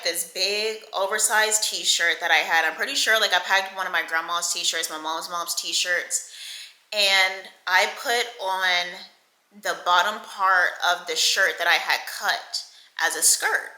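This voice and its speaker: Young woman, storytime vlogger, very bright voice, lowish pitch, echoey room, casual and profane. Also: slow. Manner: candid, profane, animated retelling with quoted voices.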